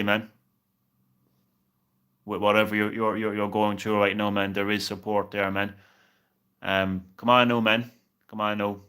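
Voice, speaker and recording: Bright-voiced young man chatting on stream. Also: fairly low pitch, smooth. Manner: reassuring, says "man" constantly, stumbles and repeats words. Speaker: game streamer. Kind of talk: casual live-stream chat.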